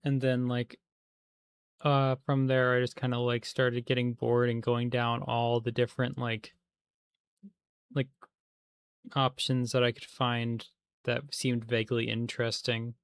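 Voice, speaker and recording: A man's voice: medium pitch, monotone, measured pace, pauses often, smooth, dry recording. A man chatting casually on a livestream while he plays a game, rambling with many fillers and restarts.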